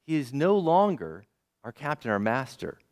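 Animated preaching man with lively pitch. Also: normal speed. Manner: emphatic, conversational preaching with rhetorical questions. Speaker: pastor. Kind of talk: sermon.

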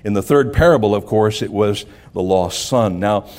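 A man's voice: fairly low pitch, moderate pace, darkish tone. A man preaching a sermon, telling a folksy childhood farm story and asking the congregation "amen?".

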